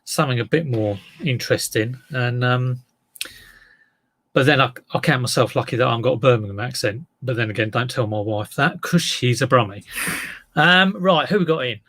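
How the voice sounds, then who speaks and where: A man in his fifties with a Southeast English accent hosts a relaxed live stream. He rambles chattily and greets viewers one by one, in a mid-pitched voice. The sound is dry and close. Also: normal speed, no room sound. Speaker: live-stream host and reseller. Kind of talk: casual live-stream chat.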